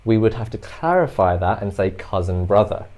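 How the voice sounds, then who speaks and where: A man who grew up in London, explaining word differences in a calm, patient way. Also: fairly low pitch, normal speed. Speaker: co-presenter. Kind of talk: explanatory chat.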